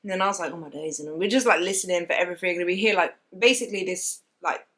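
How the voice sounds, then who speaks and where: A woman, telling a story to camera in a casual vlog and acting out the sounds and what people said. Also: lowish voice. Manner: fast animated storytelling, acts out sounds and quotes. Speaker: vlogger.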